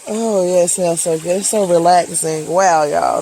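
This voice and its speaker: A hiking vlogger, speaking slowly and reflectively, encouraging viewers while out on a wooded trail near waterfalls. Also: mid-range voice, fairly even intonation, mellow, slight background noise, rough recording. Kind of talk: motivational outdoor vlog.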